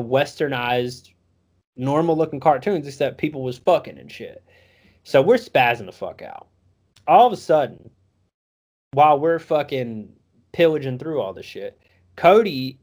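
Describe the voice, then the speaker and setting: A man's voice: mid-range voice, darkish tone. A young man telling a rambling, profanity-laden story in a casual drawl.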